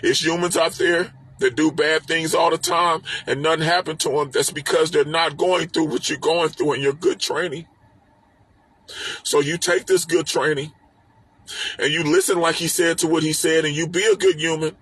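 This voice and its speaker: At a normal speed and with fairly even intonation, a male host explains a spiritual text over a live stream on a phone or webcam. His husky voice is a bit bright and pitched a little high. He preaches emphatically, repeating points and asking rhetorical questions.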